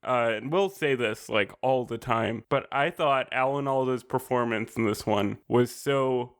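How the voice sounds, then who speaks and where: A young man co-hosting a podcast, chatting casually and excitably, full of fillers. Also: a little slow, clean tone. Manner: excitable, jumps into high silly voices when quoting. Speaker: podcast co-host. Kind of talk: casual chat.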